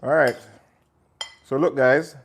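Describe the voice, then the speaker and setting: Guy cooking live in his kitchen, chatty, mid pitch, talks to chat as he chops. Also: fairly even intonation, slow pace, breathy edge. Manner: chatty, talks to viewers while cooking, drifts into patois. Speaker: cooking show host. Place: home kitchen.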